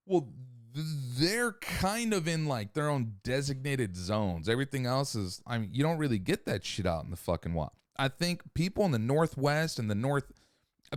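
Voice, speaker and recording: A man's voice: fairly low pitch, no echo, clean studio sound. A man hosting a podcast in a casual, profane, rambling rant who sometimes loses his thread. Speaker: podcast host.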